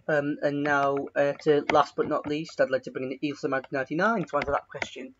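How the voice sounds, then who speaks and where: A man's voice: fairly high pitch, fairly quick, lo-fi sound, background noise. A man moderating a political debate, handing the floor over in brief procedural lines. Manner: brief, procedural hand-offs.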